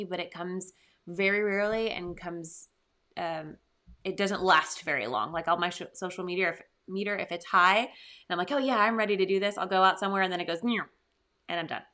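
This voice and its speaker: A young woman co-hosting a casual vlog chat, soft-spoken and hesitant, with frequent ums. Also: mid-range voice, fairly even intonation, fairly quick. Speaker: YouTube channel co-host.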